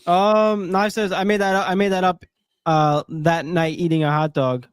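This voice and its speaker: A man's voice: high voice, little pitch movement, normal speed, clean tone, no echo, studio quality. A man co-hosting a casual sports podcast, reading out viewer comments and joking bluntly, with a congested nose. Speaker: podcast co-host.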